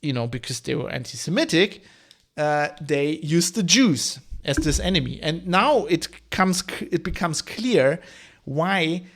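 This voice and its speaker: Brief: thirties male podcast host, a touch high-pitched, discursive and explanatory in his solo monologue. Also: animated, a little slow, a bit bright. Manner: discursive, explaining history in long winding asides.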